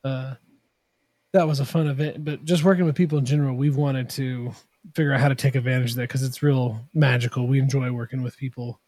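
A man's voice: mid-range voice, level tone, fairly quick, a little mellow, no room sound. A man, a guest on a podcast who builds machine tools, talking in a rambling, self-deprecating way full of fillers. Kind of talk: casual podcast chat.

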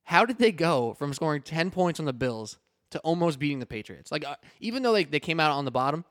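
A man's voice: fairly high pitch, sing-song, a little fast, a bit bright, dry recording, studio quality. A young man co-hosting a sports podcast in an easygoing, teasing way, asking questions. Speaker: podcast co-host. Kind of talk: casual sports podcast chat. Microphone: studio podcast microphone.

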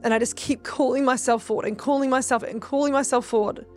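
A woman hosting a podcast as a business coach, talking in a quick, emphatic, casual way, filling her talk with "like" and swearing freely. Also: sits high, fairly even intonation, soft background music. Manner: rapid, emphatic, heavy "like" fillers, swears freely. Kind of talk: casual motivational monologue.

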